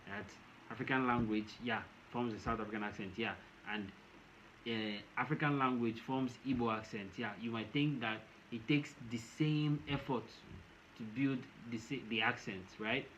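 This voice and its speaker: A man's voice: medium pitch, steady tone, moderate pace, a bit bright. A Nigerian man giving casual commentary to camera, rambling and often repeating and restarting his phrases. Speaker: vlogger. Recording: dull lo-fi with faint noise.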